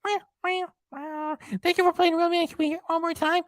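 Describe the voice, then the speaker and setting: A man voicing a chirpy cartoon cat mascot that meows and shouts thanks to donors. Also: very high voice, flat delivery, a little fast, no echo, clean studio sound, pitched above the performer's own voice. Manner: meowing, sing-song shouting of thanks.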